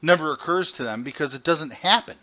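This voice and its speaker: A man co-hosting a podcast, telling animated, profane stories in casual chat. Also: a little high, fairly quick, slight background noise. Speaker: podcast co-host.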